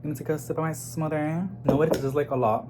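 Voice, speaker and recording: A man chatting casually to his viewers in a home vlog, excitable and talkative, calling them y'all. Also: on the high side, racing, background noise. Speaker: plant vlogger. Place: home kitchen. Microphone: phone camera.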